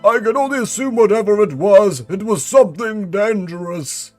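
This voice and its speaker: A man putting on a high, urgent conspiracy agent. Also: moderate pace, darkish tone, soft background music, close to an everyday voice. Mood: conspiratorial. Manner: urgent, theatrical conspiratorial delivery. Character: male employee number fifty-three, conspiracy-minded agent. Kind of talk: dramatic reading of a mystery log.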